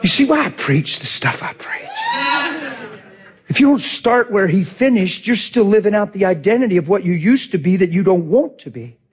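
A man's voice: sits high, normal speed, husky. A man preaching a sermon, telling a personal story with lots of energy and acting out what people said. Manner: animated, acts out quotes, laughs often.

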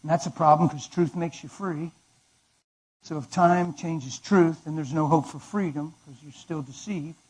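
A man delivers a sermon testimony with emphatic, dramatic storytelling. His voice sits high for a man and has a husky edge. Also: steady tone, normal speed, darkish tone, rough recording. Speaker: preacher.

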